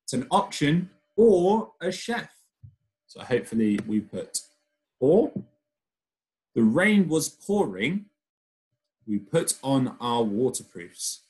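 A man's voice: mid-range voice, slow, pauses often, low-quality recording. Man teaching a primary class. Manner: reads the story aloud with lively expression; patient, explains step by step. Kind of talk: recorded remote lesson.

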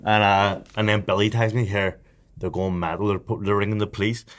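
A man's voice: fairly low pitch, fairly even intonation, a little fast. A young man, telling a story as a podcast co-host, with lots of swearing and laughter. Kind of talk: casual chat, storytelling.

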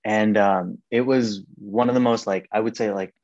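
A young man giving a personal faith testimony as a podcast guest in a casual, animated way, full of "like" and "um". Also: normal speed, no echo. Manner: animated, acts out quoted voices with sharp rises in pitch; casual, many "like" and "um" fillers. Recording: dry, slightly dull podcast recording.

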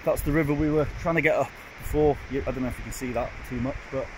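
A man's voice: medium pitch, steady tone, quick pace, slight background noise, low-quality recording. A man with a Welsh accent chatting casually to the camera of the phone he holds while out hiking on a hilltop, addressing his viewers as folks. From Wales. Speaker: hiking vlogger. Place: outdoors on a hilltop. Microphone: phone held while filming.

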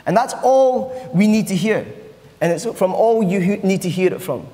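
High-voiced man preaching in echoing church. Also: lively intonation, moderate pace, dark tone. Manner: earnest, repeats phrases for emphasis. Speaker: pastor. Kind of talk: sermon. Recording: long church reverb.

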